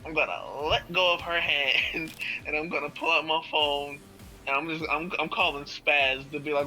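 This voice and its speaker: A man's voice: a little high, fairly even intonation, moderate pace, sharp tone, faint music behind, low-quality recording. A man playing in a tabletop role-playing game, laid-back and laughing, with casual swearing. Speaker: player.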